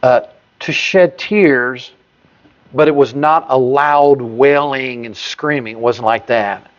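A pastor preaching a sermon, stressing single words with sudden rises in pitch and volume. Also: male voice, slow. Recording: dull lo-fi sermon recording.

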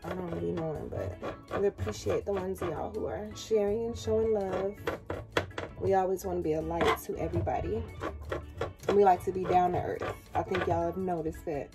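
A woman's voice: fairly low pitch, normal speed. A young woman vlogging casually in a small RV kitchen, chatty and playful, talking straight to her viewers. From United States. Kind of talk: casual chatty vlog talk. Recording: music playing under the voice. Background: background music.

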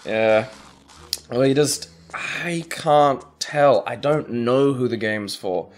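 A man's voice: medium pitch, takes it slowly. A man playing a game and chatting casually, rambling and full of "like" fillers. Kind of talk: casual chat over gameplay.

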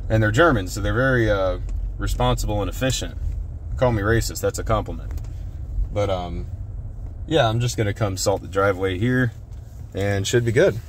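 A man's voice: on the low side, slight background noise. A young man vlogging in casual, rambling chat, cursing and joking about himself as he talks outside and from his car. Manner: rambling, profane, self-deprecating. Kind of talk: casual vlog.

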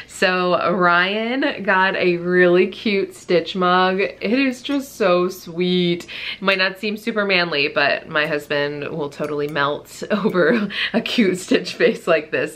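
A young woman talks through a casual show-and-tell vlog, chatty and gushing, with plenty of fillers. Her voice is bright and forward, sitting a little on the low side for a woman. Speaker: vlogger.

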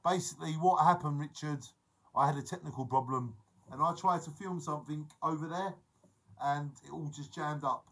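Tell it bright, man, upbeat chatter. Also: fairly high pitch, moderate pace, slightly rough, low-quality recording. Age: 40s. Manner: chatty, jokey, reads out viewer names. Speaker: live-stream vlogger. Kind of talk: casual live-stream chat.

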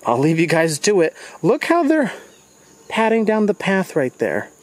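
A young man from the United States chatting excitably to his viewers while walking a rainforest trail at dusk, filmed on a handheld phone. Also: sits high, a little slow. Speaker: vlogger. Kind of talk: casual vlog walk-and-talk.

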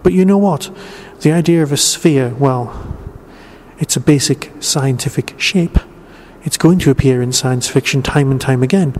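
A man's voice: mid-range voice, normal speed, darkish tone. A man hosting a podcast, giving a chatty review and asking and answering his own questions. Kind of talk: spoken audio review. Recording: reverberant room with faint noise.

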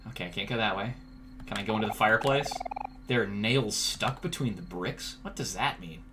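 Talking to chat as he plays, this man cracks jokes and reacts with startled outbursts, typical let's play commentary. He speaks a little fast in a lowish voice, and there's noise in the background.

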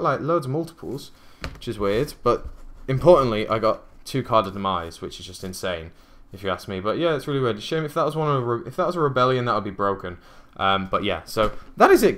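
This card-opening YouTuber is a young man with a medium-pitched, slightly bright voice. He keeps up casual unboxing commentary as he opens packs, musing aloud and filling gaps with lots of ums and uhs.

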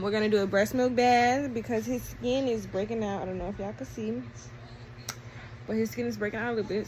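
A young woman and new mother chatting casually to her viewers in a slangy vlog, talking into a handheld phone at home. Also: medium pitch. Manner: chatty, slangy, lively, addresses viewers as y'all. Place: at home, indoors. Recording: noisy home phone recording.

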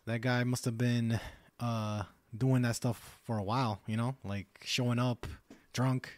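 An easygoing man co-hosts a casual podcast, agreeing readily and hedging his thoughts as he talks. His voice is mid-pitched, and the sound is dry and close, with no room echo. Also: fairly even intonation, unhurried, a little mellow. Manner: easygoing, agreeable, hedging with "you know" and "I guess". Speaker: podcast co-host.

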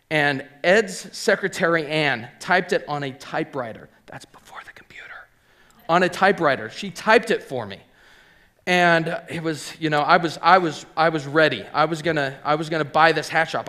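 A man's voice: fairly high pitch, a bit bright. A middle-aged man telling a personal story live on a theater stage, chatty and full of fillers. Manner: chatty, filler-heavy, voices quoted people.

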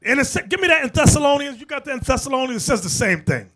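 Fiery high-voiced preacher man. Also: sing-song, quick pace, slight background noise. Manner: emphatic, shouting at times, addresses the brothers directly. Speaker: bishop preacher. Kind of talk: fiery sermon.

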